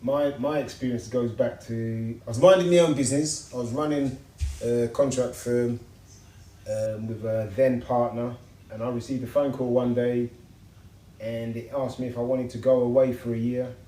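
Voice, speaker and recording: A man's voice: mid-range voice, moderate pace, distant mic. Upbeat storytelling man, echoey room. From England. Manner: lively storyteller, slangy and upbeat. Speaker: interview guest, builder and TV personality. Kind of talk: casual interview chat.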